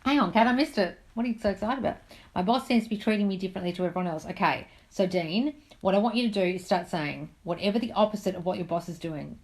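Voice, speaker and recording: A woman's voice: medium pitch, quick pace, darkish tone, poor audio. Chatty woman coaching on a live stream. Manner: chatty, calls listeners darling, reads comments aloud. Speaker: manifesting coach answering live questions. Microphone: phone on a live stream.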